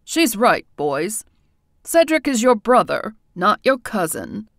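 A woman's voice: mid-range voice, big pitch swings, slow, a bit bright, dry recording, clean studio sound, full character voice. A woman doing a weary, regretful faerie king. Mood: solemn. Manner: grave, confessional storytelling.

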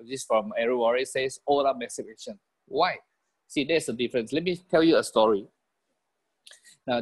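A man with a Malaysian English accent giving a motivational business talk over a video call, animated, chuckling and repeating key phrases. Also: medium pitch.

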